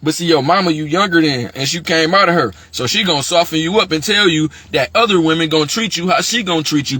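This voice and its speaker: A man's voice: fairly high pitch, creaky, sharp tone, no echo. A man delivering an agitated, profane monologue, firing off rhetorical questions. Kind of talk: heated monologue rant.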